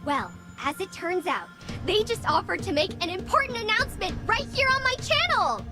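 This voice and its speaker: A woman's voice: very high-pitched, very animated, normal speed. A woman voicing a hyper, upbeat young VTuber streamer in a video game, with music playing behind her. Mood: hyped. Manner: peppy, exaggerated streamer hype.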